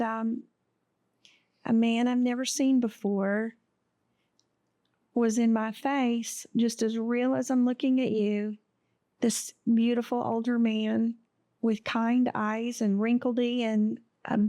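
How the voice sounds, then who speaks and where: Woman telling her story on a podcast, slow and halting, lots of ums, fairly high voice but pretty flat. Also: dry recording, clean studio sound. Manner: halting and emotional, with many pauses and fillers. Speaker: podcast guest. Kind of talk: telling a personal story in an interview.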